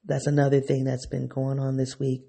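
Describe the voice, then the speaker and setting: A man hosting a podcast, thinking aloud in an unscripted, reflective monologue that is excitable and keeps circling back on itself. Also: medium pitch, fairly quick, gravelly. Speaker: podcast host.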